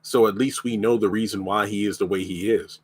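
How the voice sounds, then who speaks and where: A man with a fairly low, husky voice speaks fairly quickly in a steady tone, reviewing a TV show during a casual live stream. He is blunt and opinionated, and a lingering cough keeps interrupting him.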